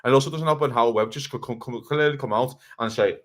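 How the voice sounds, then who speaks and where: Fast-talking heated man ranting. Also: medium pitch, a bit bright. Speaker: podcast co-host. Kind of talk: casual football chat.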